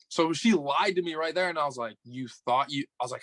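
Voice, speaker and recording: A young man from upstate New York, a podcast guest telling a dating story in casual chat, animated and swearing, acting out the dialogue. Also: a little high, fairly quick, few pauses, no room sound.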